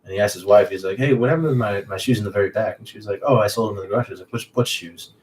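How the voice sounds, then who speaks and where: Low-voiced man, a bit off-mic. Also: racing, a little mellow. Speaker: podcast co-host. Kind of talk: casual chat, anecdote. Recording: distant mic with faint background noise.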